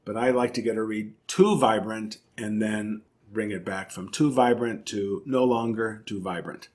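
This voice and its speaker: A man's voice: lowish voice, steady tone, moderate pace, a little mellow. A man, a professional oboist, talking in an interview and explaining his craft thoughtfully with emphatic repetitions. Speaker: principal oboist and oboe professor, interview guest. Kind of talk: conversational interview.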